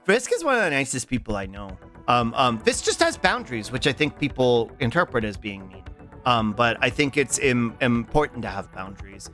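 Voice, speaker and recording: A man streaming and chatting casually with his chat, halting and giggly, with lots of repeated words and restarts. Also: mid-range voice, sing-song, bright, forceful tone, soft background music. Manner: affectionate and giggly. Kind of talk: casual livestream chat reading chat.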